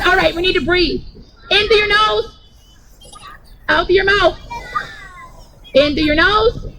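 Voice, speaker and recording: Very high-voiced playful woman coaching kids. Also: slow, long pauses, a crowd in the background, noisy background. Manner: playful, cheering, coaching kids through moves. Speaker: children's movement instructor. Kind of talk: energetic movement class for children. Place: outdoors on grass.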